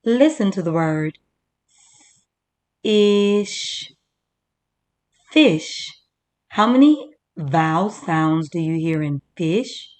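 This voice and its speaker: A woman teacher leading a first-grade reading lesson, slowly sounding out words for young children. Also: sits low, animated, darkish tone.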